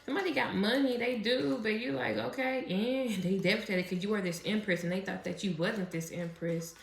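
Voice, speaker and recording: A woman's voice: mid-range voice, brisk, creaky. A woman doing a casual tarot reading, chatty and profane, who laughs often as she talks. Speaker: tarot reader. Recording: roomy echo.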